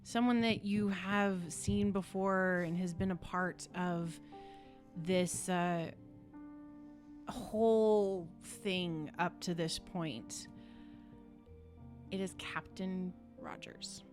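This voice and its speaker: A woman's voice: on the low side, fairly even intonation, very slow, faint music behind. A woman narrating a tabletop game as game master, describing scenes with frequent fillers.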